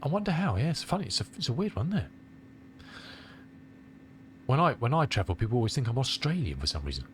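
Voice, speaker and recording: This middle-aged English flight sim streamer has a cold and rambles as he responds to his live viewers' comments in casual chat. He speaks fast in a mid-range voice with big pitch swings and long pauses, over a little hiss or hum.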